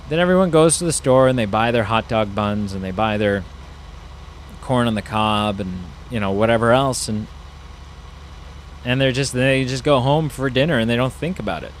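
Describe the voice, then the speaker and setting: A man's voice: medium pitch, moderate pace, pauses often, slight background noise. A man giving casual, rambling commentary while playing a farming game, musing aloud with lots of fillers. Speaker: gaming YouTuber.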